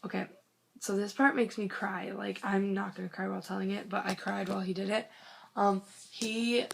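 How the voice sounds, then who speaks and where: In a creaky, mid-range voice with a level tone and normal speed, a young woman tells her phone camera a story; there's a little hiss or hum in the audio. She gushes and rambles excitedly, saying "like" a lot and sometimes sinking to a whisper.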